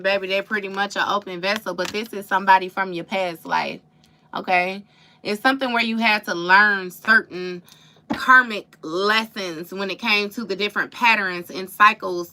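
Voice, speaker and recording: A woman's voice: mid-range voice, bright, forceful tone, a little hiss or hum. A woman giving a casual live tarot reading, slangy and profane, laughing often and calling the listener baby. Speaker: tarot reader.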